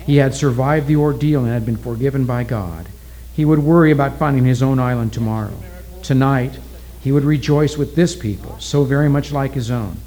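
A man reading a story aloud as an audiobook, his voice at an ordinary pitch. He keeps a measured, steady storytelling pace throughout. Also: low-quality recording. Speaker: narrator. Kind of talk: audiobook narration.

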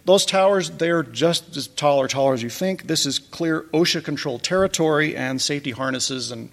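Presenter, male, gravelly, wry and chuckling, casual slide talk, reverberant hall sound. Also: on the high side, normal speed. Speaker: presenter recounting a church pageant.

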